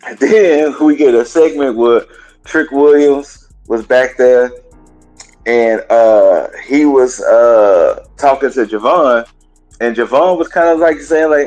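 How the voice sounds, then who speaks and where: A man hosting a gaming and wrestling podcast, casually recapping a show in a colloquial, chatty way and pausing now and then to cough. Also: medium pitch, darkish tone, faint music behind, poor audio.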